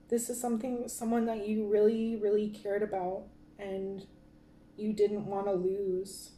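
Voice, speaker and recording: A woman's voice: medium pitch, little pitch movement, slow, warm tone, roomy sound, slight background noise. A woman giving a casual tarot card reading, talking in a rambling way with many fillers and restarts. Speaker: tarot reader.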